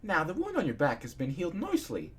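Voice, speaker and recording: Male reader doing a gentle, jittery pony doctor: husky, raised pitch, polite storybook voice. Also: very animated, a little fast. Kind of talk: fan fiction read aloud.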